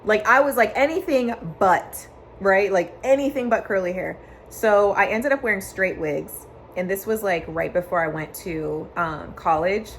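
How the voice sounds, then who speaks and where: A woman's voice: mid-range voice, moderate pace, creaky, hardly any pauses, a little hiss or hum. A young woman vlogger telling a personal story, candid and emotional, with many "like" fillers.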